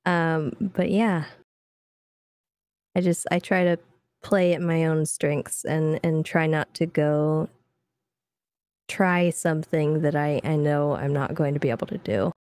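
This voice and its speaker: Low-pitched woman, modest and halting, casual chat. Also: steady tone, a little mellow, dry recording, clean studio sound. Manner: halting, filler-heavy, modest. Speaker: podcast guest, roleplayer.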